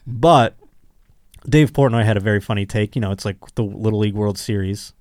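This man hosts a podcast with a casual comedic monologue, spinning crude, joking stories and slipping into mocking impressions. His voice is low-ish, brisk and darkish in tone, recorded cleanly in a studio with no room sound.

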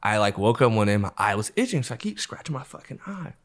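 A young man in casual chat, telling a story in an animated way, full of slang and swearing. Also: fairly low pitch, fast talker. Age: young adult.

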